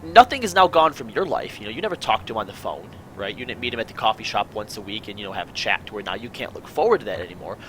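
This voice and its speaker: A man's voice: on the low side, animated, quick pace, few pauses, fairly bright tone, slight background noise, rough recording. A man hosting a casual panel chat, asking his guests questions and rambling through his own musings. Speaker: podcast host.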